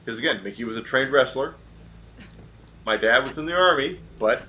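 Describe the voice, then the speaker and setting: A man streamer from Georgia tells a long story in a casual, rambling way while he plays. His voice sits at a middle pitch and sounds bright and forceful. He goes off on tangents with plenty of fillers. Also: expressive, normal speed, a little hiss or hum.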